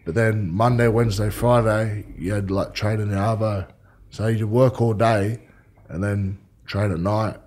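A man's voice: on the low side, steady tone, normal speed, darkish tone. A man with an Australian accent, a former rugby league player, telling rambling stories and swearing freely in casual chat.

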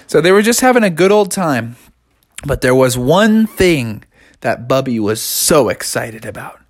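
A storyteller telling a bedtime story in an animated, expressive way, stretching words out. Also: mid-range voice, a little slow.

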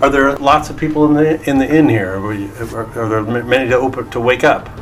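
A man's voice: medium pitch, brisk, faint music behind, pitched above the performer's own voice, lightly acted. A man voicing a flamboyant male gnome bard who is effusive, apologetic and full of flowery courtesy. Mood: courteous.

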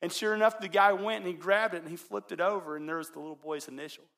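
A man preaching as a pastor, telling a story in his sermon and swinging between loud, excited passages and hushed ones. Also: high voice, fast talker, creaky.

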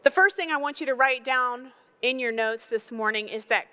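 A woman preaching a sermon, building emphatic repeated phrases and telling animated stories. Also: sits high, normal speed, smooth. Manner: animated storytelling with acted voices.

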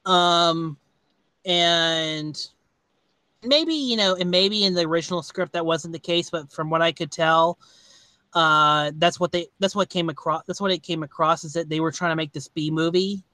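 A man hosting a podcast, talking casually about a movie in a rambling, halting way with many restarts. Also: on the high side, bright, forceful tone, no echo. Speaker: podcast host. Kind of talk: casual movie review chat.

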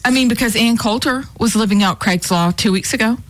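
A woman's voice: a little high, fairly quick, slight background noise. A woman co-hosting a radio talk show, chatting in a wry, joking way. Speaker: co-host.

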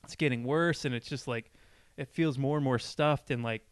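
Young male podcast co-host, smooth and resonant, dry close sound, rambling anecdote delivery. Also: medium pitch, normal speed, dry recording. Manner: rambling, heavy on filler "like". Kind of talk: casual anecdote telling.

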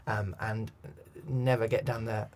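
A man's voice: fairly low pitch, little pitch movement, measured pace, a little mellow. A man, a coach and director, talking through ideas in an interview, thoughtful with many restarts. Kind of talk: interview conversation.

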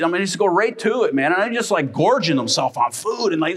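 High-voiced animated male preacher. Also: brisk, hardly any pauses, breathy edge. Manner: animated storytelling, acting out family members. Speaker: pastor. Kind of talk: sermon.

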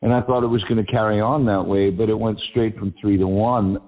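A man's voice: lowish voice, steady tone, a little fast. Massachusetts guy rambling as a guest, lots of ums, phone-line sound. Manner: rambling, self-deprecating, lots of fillers. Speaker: guest singer-songwriter. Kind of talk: casual call-in chat. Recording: tinny phone-like line with faint music.

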